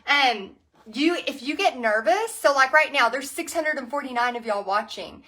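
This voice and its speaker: A woman's voice: sits high, expressive, moderate pace, bright, forceful tone. A Texan woman leading a live-streamed painting lesson, chatty and giggly, greeting viewers by name as she paints. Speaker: paint party instructor.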